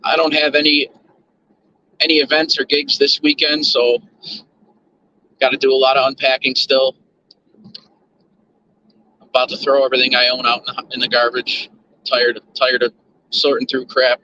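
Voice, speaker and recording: A man talks to his viewers from behind the wheel in a rambling, repeat-yourself way. His voice has a bright, forward edge. The sound is muffled, with a faint hum of road noise. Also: medium pitch, flat delivery, moderate pace, long pauses. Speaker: livestream host. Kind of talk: casual chat while driving. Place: in a car.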